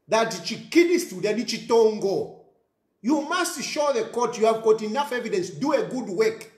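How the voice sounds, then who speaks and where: A man with a Zambian accent giving an animated social media rant, scolding and mixing English with a local language. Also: high voice, echoey room.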